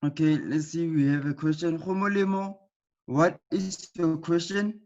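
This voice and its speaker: Teacher guy doing an online class, keeps asking okay?, higher voice, muffled audio. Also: little pitch movement, a little slow, darkish tone. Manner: patient, repeats key points with frequent "okay?" checks. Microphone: computer mic in an online class.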